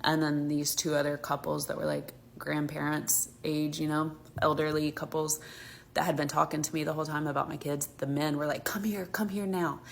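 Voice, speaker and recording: In this casual storytime, an Alabama mom rants about her children with heated emphasis, peppering everything with "like." She talks fairly quickly in a deep, gravelly monotone, and slight background noise can be heard.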